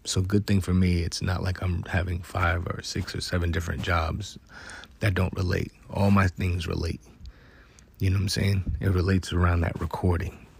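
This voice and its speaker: A man's voice: low-pitched, little pitch movement, normal speed, gravelly, a little hiss or hum. A man vlogging casually as he talks to himself, rambling and reflective, often asking "you know what I'm saying?". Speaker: vlogger and musician.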